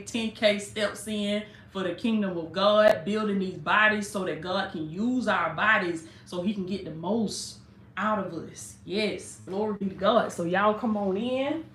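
A woman's voice: mid-range voice, moderate pace, slight background noise. A woman hosting a casual preaching livestream. She greets viewers over and over and calls them "baby.". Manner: warm, repetitive welcoming, calls listeners "baby". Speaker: livestream host and life coach. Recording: echoey room.

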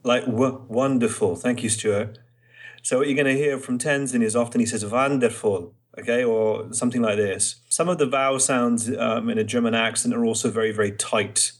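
Husky-voiced male podcast host, chatty. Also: medium pitch, fairly even intonation, fairly quick. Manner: chatty, explains with examples. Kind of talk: casual podcast chat. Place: Trieste, Italy.

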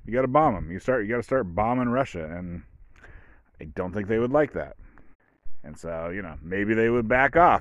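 A man's voice: medium pitch, clean tone, dry recording, highs cut off. A man hosting a podcast monologue, rambling and sardonic, trailing off into fillers. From United States. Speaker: podcast host. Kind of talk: casual monologue.

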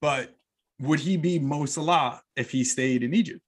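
A man in his thirties hosts a casual podcast interview, chatty and enthusiastic as he builds long questions for his guest. His voice is on the high side and slightly rough, at a normal speed.

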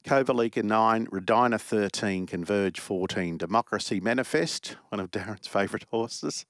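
A man's voice: lowish voice, steady tone, moderate pace, a bit bright, no room sound, studio quality. A man hosting a horse racing radio show, chatty and rambling as he reads out betting odds.

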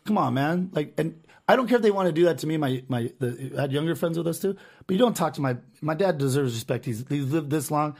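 A young man co-hosting a podcast, telling a profane, animated story full of acted quotes. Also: fairly high pitch, fast. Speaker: podcast co-host. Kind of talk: casual storytelling chat.

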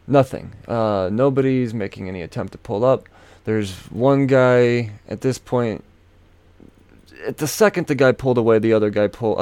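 A man's voice: fairly low pitch, darkish tone, dry recording. A man hosting a podcast, telling a story in a casual, profane, exasperated rant. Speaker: podcast host.

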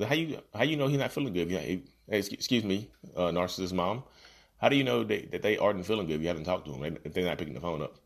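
A man with a very low voice hosts a casual podcast from home and gives encouraging self-help advice. He talks earnestly and repeats key phrases. He addresses his listeners directly as "y'all.". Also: expressive, fast. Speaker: podcast host. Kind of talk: casual motivational talk. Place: home, about to join a video call.

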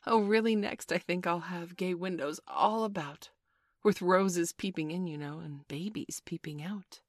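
A woman reading a storybook and voicing Wendy, a prim, motherly little girl who talks in an earnest, gently fussing way. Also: fairly low pitch, a little slow, dry recording, studio quality.

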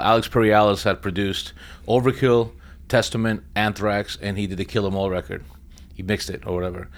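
Middle-aged man, low voice, profane animated storyteller, interview guest. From East Coast of the US. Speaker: drummer, guest.

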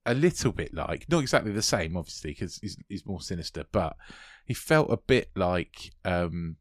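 Giggly low-voiced man, lively pitch. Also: moderate pace, no room sound, studio quality. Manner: giggly, jokey, trails off. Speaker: podcast co-host. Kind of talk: casual film review chat.

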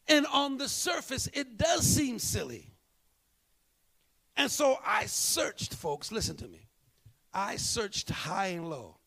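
A male pastor preaching a sermon, swinging from hushed, drawn-out lines to shouted ones. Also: high-pitched, gravelly.

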